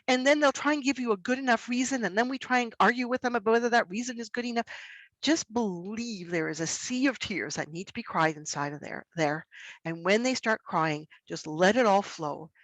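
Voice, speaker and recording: A middle-aged woman presenting a workshop for educators in an expressive way, acting out examples in her voice. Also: a little high, brisk, no echo, poor audio. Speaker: workshop presenter on student behaviour. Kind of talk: educational webinar talk.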